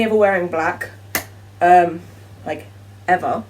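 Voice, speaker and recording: A woman's voice: fairly low pitch, animated, moderate pace, far from the mic, slight background noise. A teenage girl from England with an English accent, chatting to camera in a casual, self-mocking vlog. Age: teens. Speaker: vlogger.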